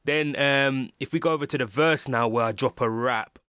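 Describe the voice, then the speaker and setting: A man's voice: medium pitch, normal speed, bright, forceful tone, clean tone, dry recording. Man, London English accent, casual producer tutorial, filler-heavy, dry close mic. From England. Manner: rambling, lots of ums and restarts. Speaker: music producer.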